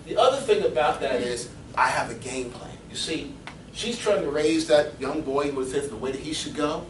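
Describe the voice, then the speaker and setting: Animated middle-aged man in an echoey room. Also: fairly high pitch, recorded from a distance, slight background noise. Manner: animated storyteller, chuckles often. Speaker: fitness coach giving a seminar. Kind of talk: seminar talk with personal stories. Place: seminar room.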